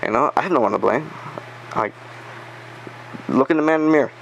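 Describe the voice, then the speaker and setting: Fast-talking gravelly man telling a story. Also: medium pitch, dull audio, a little hiss or hum. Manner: animated, acts out quotes, swears a lot. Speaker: podcast guest. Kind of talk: casual storytelling.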